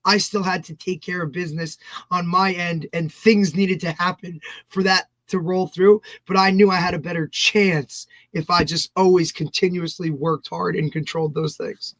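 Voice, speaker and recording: A man's voice: sits high, steady tone, normal speed, a bit bright, no echo, poor audio. A man hosting a podcast, chatting casually and affirming his guest, often tagging on "right?". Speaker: podcast host. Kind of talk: casual interview chat.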